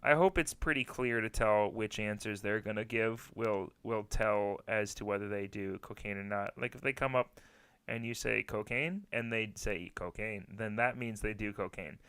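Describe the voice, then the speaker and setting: A young man co-hosting a comedic podcast, trading deadpan jokes and breaking into laughter. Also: fairly low pitch, moderate pace, clean tone, no echo. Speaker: podcast co-host.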